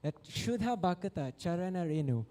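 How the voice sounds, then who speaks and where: A man preaches at a temple festival with a lively, storytelling delivery. His voice sits a little high but sounds mellow and soft-edged. He acts out the characters and slips into chanted verses as he goes. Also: normal speed. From Guyana. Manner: animated storyteller acting out voices, sings verses. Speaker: devotional speaker. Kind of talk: storytelling sermon. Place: temple hall.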